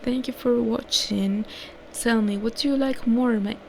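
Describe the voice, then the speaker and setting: A young woman whose first language is Spanish wraps up a vlog in a loose, rambling way. She keeps correcting herself and sometimes drops to a whisper. Her voice has a gravelly fry, and there is a faint hiss of noise behind her. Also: fairly high pitch, fairly even intonation, unhurried. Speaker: vlogger. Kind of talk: casual rambling vlog outro.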